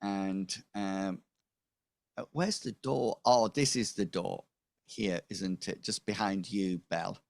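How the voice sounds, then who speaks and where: A man's voice: low voice, takes it slowly, creaky, no room sound. A man narrating as game master for a tabletop game, rambling with many fillers.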